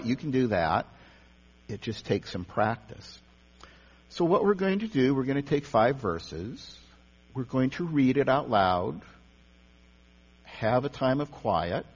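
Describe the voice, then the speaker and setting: A man's voice: fairly high pitch, breathy edge. A man giving a conversational sermon in a church, often repeating words and restarting phrases as he teaches. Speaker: pastor or teacher leading a service. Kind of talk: sermon on meditation. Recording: dull lo-fi sound with long hall reverb and mains hum.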